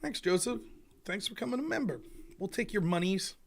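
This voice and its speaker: A man from rural Pennsylvania hosting a political livestream, sarcastic and animated, rambling through his commentary. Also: sits high, brisk, gravelly. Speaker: livestream host.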